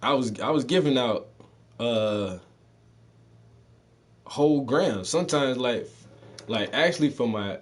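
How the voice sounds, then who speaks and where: A man in his thirties with a mixed Southern and Northern US accent, spinning stories in a loose, profane street style. He talks casually and laughs often, his voice sitting at a middling pitch. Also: lively intonation, slow pace, long pauses. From Southern United States. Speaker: podcast host telling stories. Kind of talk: casual storytelling.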